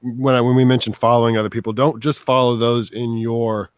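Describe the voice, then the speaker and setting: A man who works as a physical therapist, adding measured, low-key points in a casual panel talk. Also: little pitch movement, clear, resonant tone, no echo. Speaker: physical therapist, podcast co-host.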